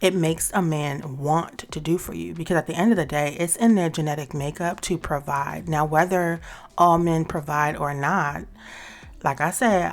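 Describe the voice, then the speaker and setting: A woman's voice: deep voice, gravelly. A woman hosting a talk show, giving chatty, direct advice to her listeners in a casual way. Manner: chatty and direct, addresses listeners as y'all and sis. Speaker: host.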